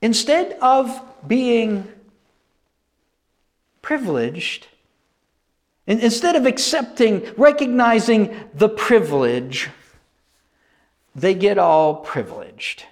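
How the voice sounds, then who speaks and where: A male preacher giving a sermon, animated and emphatic, repeating phrases for effect. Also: high voice, takes it slowly, pauses often.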